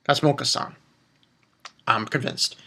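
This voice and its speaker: A man reviewing an anime episode in a rambling, excitable way, stumbling over names and jumping up into high squeals. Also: unhurried, vocal fry.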